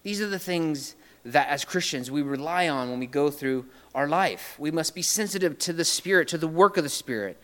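A man preaching a sermon in a conversational way, often checking in with "right?" and paraphrasing scripture in lively everyday terms. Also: on the high side, normal speed, few pauses. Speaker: pastor.

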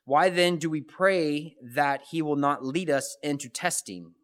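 A man with a slightly higher voice preaches to his congregation. He talks in a loose, conversational way, restarting phrases and tossing out rhetorical questions. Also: unhurried, a bit bright. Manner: conversational, repeats words and asks rhetorical questions. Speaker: pastor. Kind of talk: sermon.

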